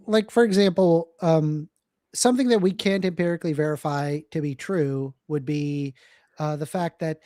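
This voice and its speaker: A woman's voice: sits low, dark tone, dry recording, clean studio sound. A woman debater on a live stream, explaining her points with hesitant restarts and blunt dismissals.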